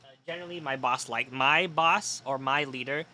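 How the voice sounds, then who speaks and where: A tired young man streaming a game, telling a story in a casual, animated way and swearing freely. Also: medium pitch, normal speed. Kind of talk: casual gaming stream chat.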